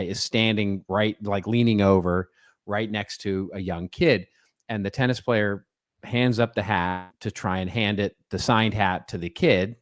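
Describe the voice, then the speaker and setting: A man's voice: lowish voice, no echo, clean studio sound. A middle-aged man co-hosting a podcast in casual banter, telling stories in a chatty, wry way and often restarting his sentences. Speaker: podcast co-host.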